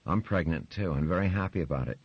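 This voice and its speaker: A man doing a calm, composed young woman. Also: deep voice, fast, slightly rough, no room sound. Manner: calm and level. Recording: dry, slightly muffled recording.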